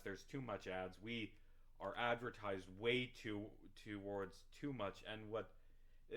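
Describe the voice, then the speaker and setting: A man's voice: fairly low pitch, a bit bright. A young man giving casual, rambling commentary over a game, ranting and swearing often. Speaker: gaming vlogger.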